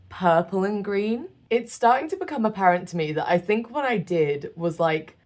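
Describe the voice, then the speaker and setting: Young British woman with a lowish voice, casual game commentary, chatty and self-mocking. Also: darkish tone. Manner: chatty, self-deprecating, laughs often. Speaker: gaming creator.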